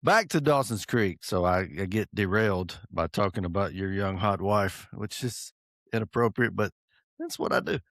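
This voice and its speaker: A man's voice: on the low side, moderate pace, no echo, clean studio sound. A middle-aged man, co-hosting a podcast in casual chat, joking and teasing and laughing often. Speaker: podcast co-host.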